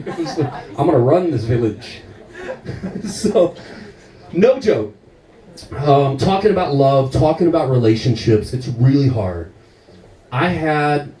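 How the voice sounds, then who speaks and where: A man performing stand-up comedy with profane, animated storytelling. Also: mid-range voice, echoey room, distant mic, low-quality recording. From United States.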